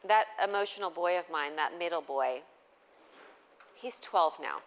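A woman's voice: deep voice, expressive, measured pace. A woman in her thirties speaking to a live audience about parenting, chatty and conversational, acting out exchanges with her children. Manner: conversational, acts out dialogue with her kids.

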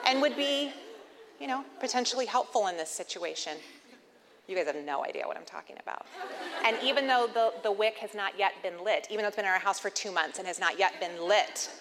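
A woman's voice: medium pitch, lively intonation, brisk, a crowd in the background. Woman in her thirties, candid self-deprecating storyteller on stage, long hall reverb, faint background noise. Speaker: speaker addressing an audience. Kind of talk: humorous inspirational talk.

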